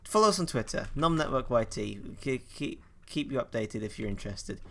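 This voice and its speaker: A man's voice: medium pitch, expressive, a little fast, vocal fry. Young male podcast host; tired, mumbly delivery, filler-heavy, self-mocking. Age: young adult. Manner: tired, self-deprecating, rambling with many fillers. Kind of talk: casual podcast chat.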